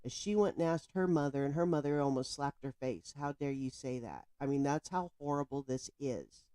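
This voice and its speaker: A woman's voice: deep voice, moderate pace, warm tone, no echo. A woman giving indignant, emphatic commentary on a news story, speaking straight to the viewer. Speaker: political commentator.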